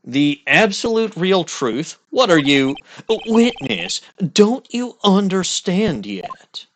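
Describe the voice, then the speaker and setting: A man voicing an impassioned young male defense attorney, dramatic and drawn-out, pressing a witness. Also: high voice, very animated, a little hiss or hum, pitched above the performer's own voice, exaggerated voice.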